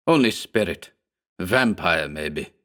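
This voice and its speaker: A hulking, hog-necked thug who speaks in broken English and begs his boss to listen, skittish and superstitious, as a man puts him on. The voice sits low and is read like a pulp radio play. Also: lively intonation, slow pace, a bit bright, exaggerated voice. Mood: pleading.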